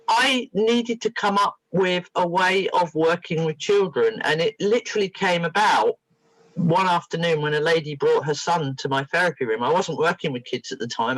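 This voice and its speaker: A middle-aged woman with a fairly low voice tells therapy stories as a talk show guest, her pitch swooping energetically as she acts out the people involved. The recording is close and dry with no room sound, and the audio quality is poor. It's animated storytelling.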